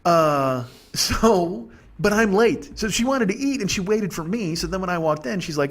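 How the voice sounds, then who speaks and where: A man's voice: high-pitched, expressive, moderate pace. A man hosting a podcast, telling a rambling, profane comic story with lots of stammering restarts. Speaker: podcast host.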